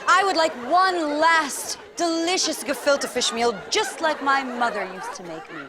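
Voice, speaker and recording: A woman's voice: high-pitched, unhurried, over loud music, over a noisy crowd, pitched above the performer's own voice. A woman voicing a wailing male doctor with a Brooklyn accent who faces death. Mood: pleading. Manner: wailing, pleading.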